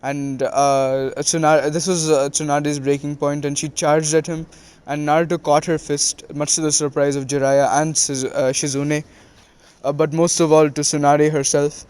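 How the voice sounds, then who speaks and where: A man's voice: on the high side, flat delivery, normal speed, a little mellow, smooth. A man casually retelling a fan-fiction story, full of "uh" fillers and "he was like.".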